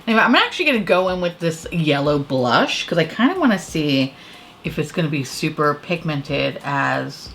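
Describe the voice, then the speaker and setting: A woman's voice: deep voice, slight background noise. Chatty woman telling a self-mocking story. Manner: animated, self-mocking storyteller, frequent laughter. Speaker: beauty vlogger. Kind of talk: chatty get-ready-with-me storytelling.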